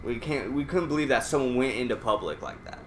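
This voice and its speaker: A man's voice: medium pitch, animated, quick pace, slight background noise. A man casually telling a rambling, profane story while playing a game. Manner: profane, rambling anecdote with restarts. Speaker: let's play gamer. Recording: echoey room.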